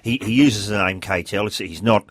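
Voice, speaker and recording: A man's voice: fairly low pitch, moderate pace, no room sound. A man co-hosting a radio comedy show, wry and straight-faced. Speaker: co-host.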